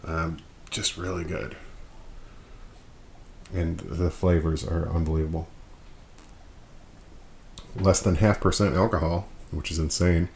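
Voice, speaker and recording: A man with a very low, deep voice hosts a casual podcast. He rambles through his points with plenty of fillers and pokes fun at himself. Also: flat delivery, takes it slowly, pauses often, darkish tone, a little hiss or hum. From Michigan. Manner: rambling, self-deprecating, frequent fillers. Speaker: podcast host.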